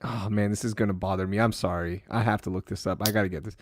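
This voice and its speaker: A man's voice: on the low side, quick pace, no room sound. Brief: man, podcast co-host, fired-up mocking rants, bone-dry close sound. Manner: animated, ranting, mocking. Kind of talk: casual chat.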